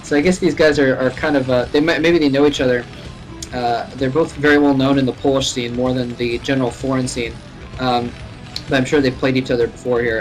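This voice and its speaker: A man casually commentating a live match from his home computer, chatty and laughing often, his voice rising sharply at exciting moments. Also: mid-range voice, a little fast, faint music behind, low-quality recording. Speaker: esports caster. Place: home room.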